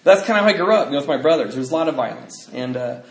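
A man's voice: mid-range voice, lively intonation, racing, vocal fry, echoey room, low-quality recording. A man sharing a personal testimony, telling the story of his life candidly, with fillers and nervous laughs.

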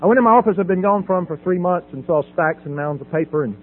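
A middle-aged man giving a personal testimony at a recovery meeting podium, dramatic, swinging from loud emphasis to hushed quiet. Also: high-pitched, fast talker, phone-quality sound. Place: at a podium before an audience. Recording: phone-thin audio with faint hum.

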